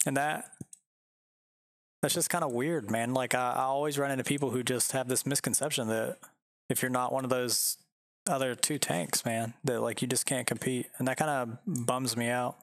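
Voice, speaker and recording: A man's voice: medium pitch, steady tone, normal speed, pauses often, a bit bright, no echo. A man chatting casually while streaming a game from home, rambling and laid-back, swearing often.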